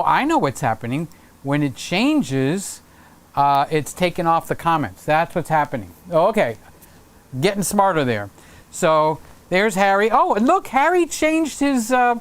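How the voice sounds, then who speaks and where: Man, livestream host, excitable, joking, fillers, smooth clear voice, home room. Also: fairly high pitch. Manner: excitable, jokey, lots of fillers. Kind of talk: casual livestream chat reading comments. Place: home room with Christmas tree set.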